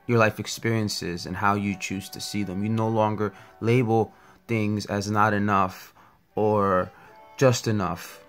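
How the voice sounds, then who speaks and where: A man giving an earnest, reflective spiritual talk, telling a parable along the way. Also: fairly low pitch. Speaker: spiritual teacher. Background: faint music.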